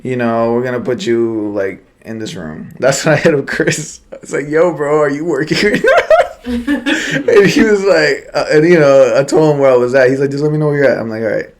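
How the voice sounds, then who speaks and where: A man's voice: mid-range voice, a little fast. Young man telling a story, laughing a lot. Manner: animated, swearing, laughs often. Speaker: podcast co-host. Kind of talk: casual storytelling chat.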